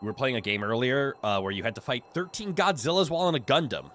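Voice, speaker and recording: Goofy, bright-voiced man streaming a game. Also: mid-range voice, expressive, a little hiss or hum. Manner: goofy, playful, quick laughs. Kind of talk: casual gameplay commentary.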